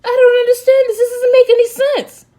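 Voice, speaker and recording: A man's voice: extremely high pitch, lively intonation, moderate pace, creaky, voice pushed up, exaggerated voice. A woman voicing Jesus as an anguished young man who pleads with God and cries out in rising despair.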